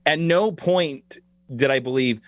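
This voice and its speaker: A man's voice: mid-range voice, animated, quick pace, no echo. A man talking as a guest in a casual chat, making his points emphatically with many asides. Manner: emphatic, lecturing, full of asides.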